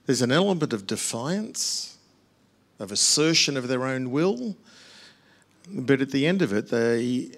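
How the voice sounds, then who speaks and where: A man's voice: medium pitch, animated, unhurried, long pauses. An older man, a pastor answering questions at a church Q&A in a plainspoken way with dry humorous asides.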